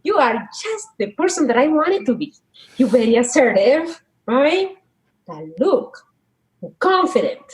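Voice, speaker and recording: Guest: middle-aged woman, Dominican Spanish accent, high and very animated voice, storyteller who hunts for words. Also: a little slow, rough recording. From Dominican Republic. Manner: animated, searching for words, laughs easily. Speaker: guest, social worker. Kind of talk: casual conversational storytelling.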